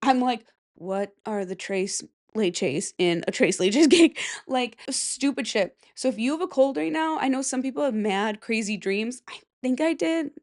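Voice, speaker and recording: A nasal young woman from Michigan, stuffy from a cold, chats on her solo podcast at a desk microphone. Her voice sits a little high, and she rambles and giggles at her own jokes. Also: measured pace, hardly any pauses, darkish tone. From Michigan, USA. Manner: rambling, giggly, self-mocking. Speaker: podcast host. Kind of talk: casual solo podcast chat.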